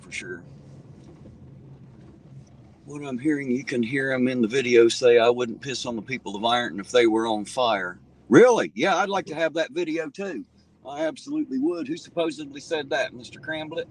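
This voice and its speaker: A brisk, medium-pitched man, with a little hiss or hum in the audio, hosts a laid-back livestream and reads viewer comments aloud. His answers are blunt and laced with profanity, and he keeps restarting sentences.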